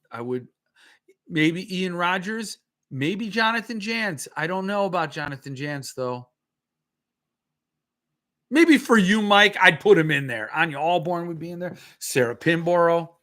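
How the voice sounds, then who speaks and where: A man's voice: on the high side, unhurried, pushed and bright. A man hosting a casual livestream, rambling and swearing as he answers viewer comments, a bit tipsy. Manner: rambling, swearing, self-correcting. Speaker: livestream host.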